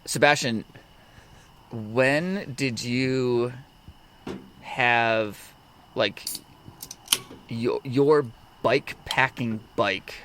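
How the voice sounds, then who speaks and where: A man's voice: mid-range voice, very slow, long pauses, a bit bright, slight background noise. A man hosting a podcast, asking curious, teasing questions in casual chat. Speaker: podcast host.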